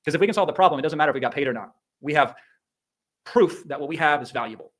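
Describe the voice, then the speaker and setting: A middle-aged man from Iowa giving an energetic motivational livestream talk as an online business coach, emphatic and punchy, dropping profanity and sound effects. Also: a little high, racing. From Iowa, USA.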